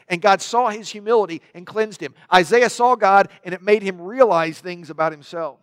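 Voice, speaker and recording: A man's voice: high voice, normal speed, hardly any pauses, fairly bright tone, no room sound. A man preaching a sermon in a conversational way, with joking asides to the congregation. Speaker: pastor.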